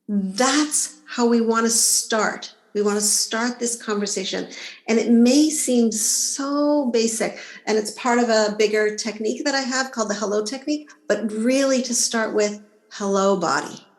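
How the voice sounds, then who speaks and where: A woman's voice: fairly high pitch, echoey room, poor audio. A woman guest on a podcast interview, explaining her ideas and acting out inner voices along the way. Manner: animated, acts out inner voices. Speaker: body-image coach, guest.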